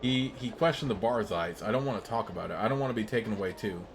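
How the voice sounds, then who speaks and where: A man's voice: lowish voice, fast, background noise, lightly acted. A man voicing an anxious, overworked female innkeeper who speaks humbly and apologetically in a game's dialogue. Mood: timid. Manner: apologetic, timid and deferential.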